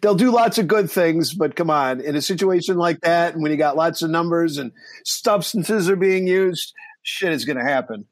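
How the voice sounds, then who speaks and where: A man's voice: fairly high pitch, moderate pace, no room sound. A man in his forties hosting a casual podcast, wry and explanatory, who swears casually. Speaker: podcast host. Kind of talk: casual chat.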